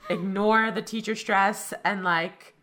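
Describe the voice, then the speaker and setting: A woman co-hosting a podcast in casual chat, wry and teasing, quick to laugh. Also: medium pitch, fairly even intonation, a bit bright. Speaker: podcast co-host.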